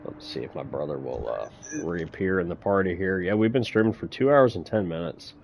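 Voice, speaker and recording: A man's voice: low-pitched, lively intonation, a little fast, creaky, background noise. A man hosting a casual gaming stream, teasing and joking with his friends over voice chat. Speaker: streamer host.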